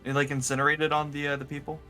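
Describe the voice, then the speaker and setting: A man's voice: a little high, monotone, fast, pushed and bright, faint music behind. A young man playing in a tabletop game, talking hesitantly with lots of fillers. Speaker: player. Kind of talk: casual tabletop play.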